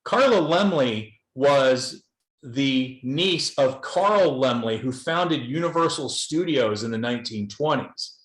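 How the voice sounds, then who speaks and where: A man's voice: mid-range voice, expressive, slow, fairly bright tone. A filmmaker from Los Angeles, a man, speaking bluntly and earnestly in a candid panel discussion, often repeating words as he goes. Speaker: documentary filmmaker guest. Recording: roomy echo.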